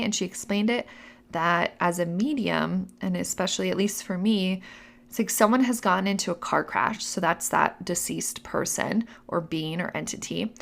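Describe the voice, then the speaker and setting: Low, gravelly-voiced woman host. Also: fairly bright tone. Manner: chatty, acts out voices in quotes. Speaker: podcast host. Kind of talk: casual storytelling.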